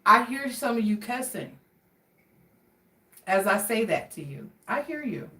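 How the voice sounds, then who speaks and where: A woman with a fairly high voice gives a casual tarot reading, chatty and expressive as she talks straight to her viewers. She sits a little away from the mic, and the room around her sounds roomy and echoey. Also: measured pace, recorded from a distance. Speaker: tarot card reader.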